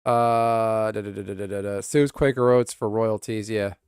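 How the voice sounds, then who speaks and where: A man's voice: fairly low pitch, steady tone, moderate pace, a little mellow, clean tone, dry recording, clean studio sound. A man streaming, ranting casually and bluntly with profanity, restarting his sentences often. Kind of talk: casual livestream rant.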